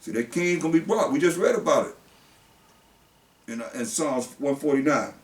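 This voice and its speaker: A male preacher, who reads scripture slowly and then explains it in blunt everyday speech. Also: on the high side, expressive. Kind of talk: sermon. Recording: roomy, distant mic.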